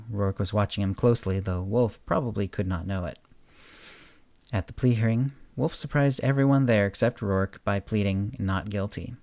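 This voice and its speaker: A man hosting a podcast, reading his own short story aloud in a steady narration. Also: lowish voice, dry recording. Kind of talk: audiobook-style story narration.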